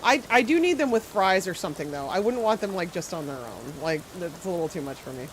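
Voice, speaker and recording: A game streamer chatting loosely with viewers while playing, voice sitting in an ordinary middle pitch. The talk wanders and doubles back with plenty of fillers, and the opinions are delivered firmly. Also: big pitch swings, fast, background noise. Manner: rambling, chatty, answers chat, strong food opinions. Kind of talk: casual live-stream chat while playing.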